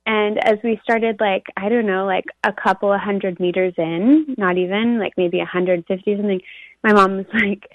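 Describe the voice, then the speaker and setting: A woman's voice: mid-range voice, steady tone, moderate pace, no room sound. A woman telling a dream in casual, rambling talk, filling her speech with "like". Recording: dull lo-fi recording.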